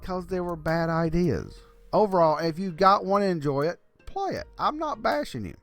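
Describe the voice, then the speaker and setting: A man's voice: sits high, animated, moderate pace, fairly bright tone, no room sound, faint music behind. Blunt, tired older man ranting. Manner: blunt, profane, exasperated ranting. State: tired, yawning. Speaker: gaming channel host. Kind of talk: casual opinion rant.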